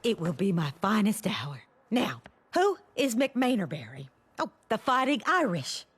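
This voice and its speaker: An actress voicing a proud, overconfident female teacher in an animated sitcom, talking in a pompous, self-assured way. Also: medium pitch, a little slow, husky. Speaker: cheerleading coach.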